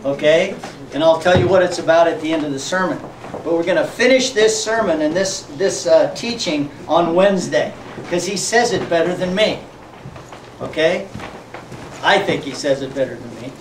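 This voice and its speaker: A man's voice: on the high side, moderate pace, noisy background. A man preaching a sermon as pastor, folksy and joking, often laughing. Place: church sanctuary. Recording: echoey church sanctuary, mic from far off.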